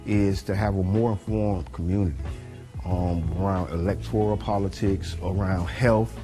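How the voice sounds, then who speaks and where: A man with a low, mellow voice explains his show's aims in calm, measured sentences. Light music plays beneath. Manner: measured, informative. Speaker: radio show co-host. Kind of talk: interview talk.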